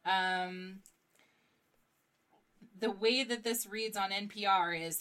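A woman's voice: medium pitch, steady tone, slow, long pauses, fairly bright tone, slight background noise, poor audio. A woman co-hosting a casual podcast, telling a story in a chatty, wry way. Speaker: podcast co-host. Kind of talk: casual comedic chat.

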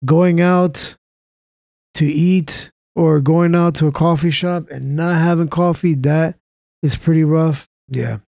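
A man's voice: fairly high pitch, steady tone, slow, vocal fry, a little mellow, no echo, clean studio sound. A man hosting an internet radio show, sharing his opinions in casual conversation and often checking in with "right?".

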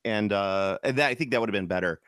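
A man's voice: on the low side, quick pace, fairly bright tone, clean tone, dry recording, studio quality. A man from Chicago co-hosting a casual podcast chat, rambling with lots of restarts and fillers. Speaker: podcast co-host.

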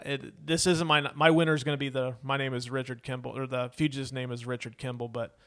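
A man's voice: mid-range voice, little pitch movement, fairly quick, fairly bright tone. Man, casual movie chat, rambling, lots of ums and likes, laughs often. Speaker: podcast co-host.

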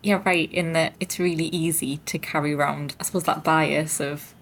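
A woman's voice: low-pitched, fairly even intonation, moderate pace, gravelly. A woman hosting a podcast, talking reflectively and conversationally with plenty of casual fillers. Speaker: podcast host. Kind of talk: casual interview chat.

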